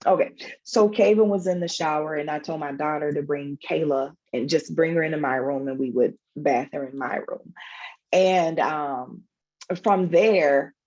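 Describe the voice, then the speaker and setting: This foundation founder, a panel guest on a video call, tells her personal story emotionally and reflectively, full of fillers and restarts. She speaks at a measured pace in a deep, darkish voice through dull-sounding audio.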